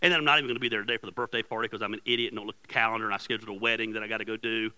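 A man's voice: on the low side, racing, low-quality recording. A middle-aged male pastor preaching a sermon in a church, telling a story about himself with lots of energy and acting out his wife's angry lines. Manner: animated storytelling, acts out his wife's yelling. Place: church sanctuary. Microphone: handheld or headset microphone.

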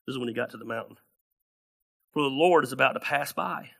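Lively bright-voiced male pastor. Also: medium pitch, brisk, vocal fry. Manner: animated, acts out voices in Bible stories. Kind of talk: sermon.

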